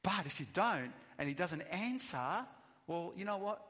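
A man giving a sermon, emphatic, swinging between loud bursts and quiet asides. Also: high-pitched, lively intonation, measured pace. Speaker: preacher. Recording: long reverb of a hall.

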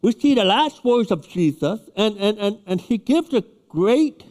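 A man's voice: high voice, lively intonation, a little slow, darkish tone. A man preaching a sermon to his church, emphatic and repeating his key words. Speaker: pastor. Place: church sanctuary. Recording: long reverb of a church hall.

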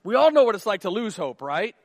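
A man preaching a sermon as pastor, telling stories with animated delivery and rhetorical questions to the congregation. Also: sits high, fairly quick, no room sound, studio quality.

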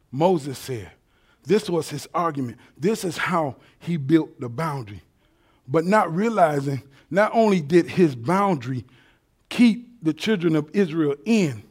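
High-voiced preacher man, lively delivery. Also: measured pace, slightly rough. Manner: animated, colloquial, swings from quiet to shouting. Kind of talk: sermon.

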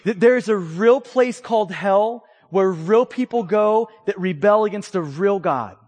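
A man's voice: sits high, expressive, unhurried, darkish tone. A man preaching a sermon as pastor, teaching earnestly and acting out voices from the stories he tells. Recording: long hall reverb.

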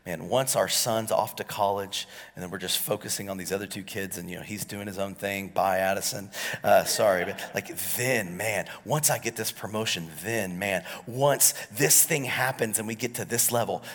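A pastor in his forties preaching a sermon, swinging between loud, animated passages and hushed, quiet lines. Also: fairly low pitch, moderate pace. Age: 40s. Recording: long hall reverb.

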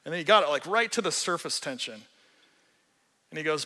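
A man pastor preaching a sermon in an animated, earnest storytelling way, acting out the quotes he tells. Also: fairly high pitch, quick pace, long pauses, long reverb tail.

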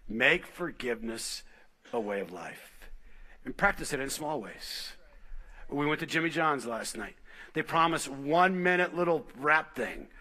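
Bright, animated man preaching a sermon. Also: on the high side. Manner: animated storytelling with laughs and sudden quiet asides. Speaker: pastor.

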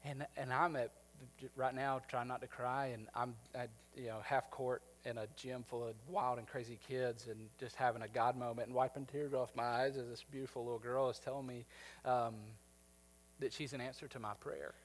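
A man, preaching a sermon and telling a personal story, moving from lively to hushed and tender. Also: medium pitch, moderate pace. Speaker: pastor.

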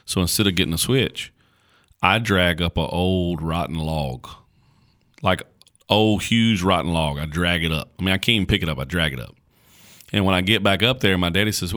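A man's voice: sits low, fairly quick. A man, a pastor, chatting on a podcast, telling stories with many fillers and restarts. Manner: storytelling, folksy and animated, with many fillers and restarts. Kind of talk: casual podcast conversation.

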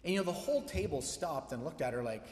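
A male pastor preaching a sermon in a relaxed, conversational way, mixing storytelling with humor. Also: a little high, fast talker. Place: church sanctuary. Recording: echoey hall reverb.

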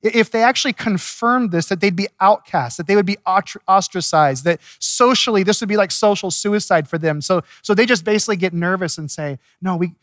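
A pastor preaching an expository sermon, telling the story in a lively way and chuckling at the text. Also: male voice, sits high, fairly quick, few pauses, no echo, studio quality.

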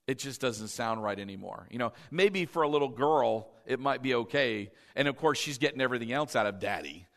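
A man's voice: mid-range voice, lively intonation, brisk, hardly any pauses, a bit bright, in a large hall. A male pastor preaching a sermon in a conversational, emphatic way, often checking in with the congregation and repeating key phrases.

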